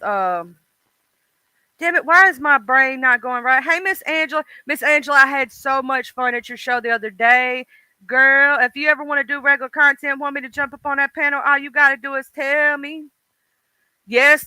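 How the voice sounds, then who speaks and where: Livestream host, male, Mississippi Deep South accent, folksy and rambling, very bright voice with a smooth, clean tone. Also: no echo. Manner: rambling, folksy, talks straight to chat by name. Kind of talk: casual livestream chat with viewers.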